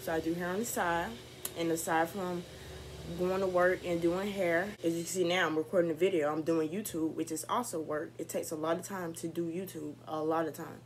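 A woman's voice: fairly low pitch, steady tone, a little fast, a little hiss or hum, low-quality recording. A young woman talking casually to camera for her vlog, chatty, candid and upbeat. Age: young adult. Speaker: vlogger.

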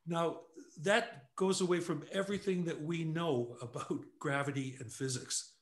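An older man from Canada, a guest telling anecdotes casually, animated and quick to laugh. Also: fairly high pitch. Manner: animated storyteller who acts out quotes, laughs often. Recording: echoey room.

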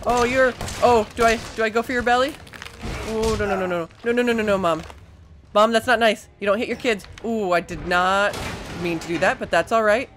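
A woman's voice: a little high, brisk, a bit bright, a little hiss or hum. Panicky young woman narrating a horror game. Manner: panicky, rambling, swearing, talks to the game. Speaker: gaming streamer. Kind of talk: let's play commentary.

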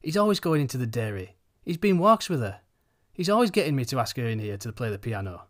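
A man voicing a sharp, fussy older farmer's wife who talks insistently and pitches up for emphasis. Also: sing-song, fast, lightly acted.

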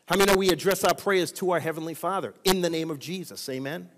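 A male pastor delivers a sermon with a high-pitched voice, calling on his listeners to answer back. His voice rings out with a long reverb from the church sanctuary around him. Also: steady tone, fast, few pauses. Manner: preaching with call-and-response prompts.

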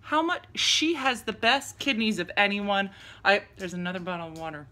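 A woman's voice: medium pitch, big pitch swings, moderate pace, pushed and bright. A middle-aged woman hosting a comic vlog, ranting in exasperation with gasps and exclamations in a bedroom at home. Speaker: comedian vlog host. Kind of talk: casual comic rant to camera.

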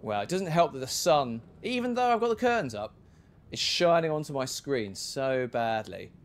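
A man's voice: medium pitch, big pitch swings, normal speed. A man giving casual, chatty commentary while playing a video game, with self-mocking asides. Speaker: gaming video creator.

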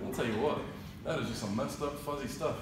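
A man's voice: mid-range voice, fast talker, a crowd in the background. A man co-hosting and trading playful, teasing banter, repeating his own jokes. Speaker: co-host. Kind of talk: joking banter. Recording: echoey, distant mic, loud background noise. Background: loud ambient noise.

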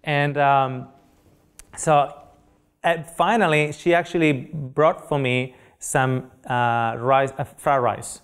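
A man's voice: mid-range voice, slow pace, clear, resonant tone. A middle-aged man giving a nutrition lecture, telling an anecdote with acted-out dialogue, many restarts and fillers. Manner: animated storyteller, acts out dialogue, frequent fillers and restarts.

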